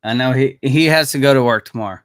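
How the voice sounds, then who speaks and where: A man's voice: mid-range voice, fast, dry recording, studio quality. A man chatting casually on a live stream with viewers, laid-back and rambling, chuckling often and swearing now and then. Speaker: maintenance worker streaming live. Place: Jacksonville.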